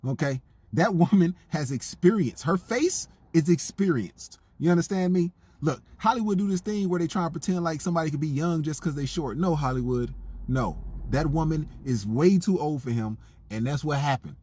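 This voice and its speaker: A man giving a comedic, incredulous movie review in a joking, animated way. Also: medium pitch, husky, no echo.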